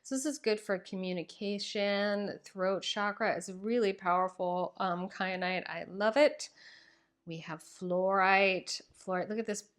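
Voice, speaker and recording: A woman's voice: mid-range voice, steady tone, a little slow. A young woman hosting a casual tarot reading to camera, gushing and affectionate, with many ums and likes, recorded at home. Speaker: tarot reader and channel host.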